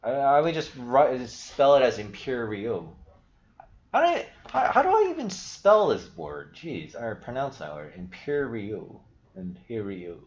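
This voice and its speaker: A man's voice: mid-range voice, wildly swooping pitch, a little slow. A man hosting a casual livestream, thinking aloud in a rambling, self-interrupting way and swearing casually. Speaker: livestream host. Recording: echoey, dull lo-fi stream audio.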